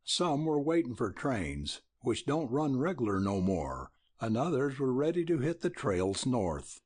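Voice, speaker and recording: A laconic frontier cowboy drawls his lines coolly, his grammar rough and unhurried, as a male narrator puts him on. The voice is husky and swings lively in pitch. It comes as a storybook reading.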